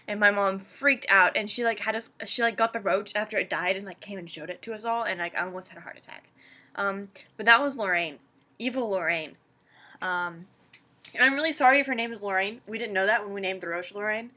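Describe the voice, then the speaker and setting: A woman vlogger telling a story to camera in a chatty, animated way, full of fillers. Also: medium pitch.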